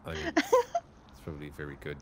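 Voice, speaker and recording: Deep-voiced man joking while gaming. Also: huge pitch swings, quick pace, fairly bright tone, a little hiss or hum. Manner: rambling, joking, trails off mid-thought. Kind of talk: casual gaming chat.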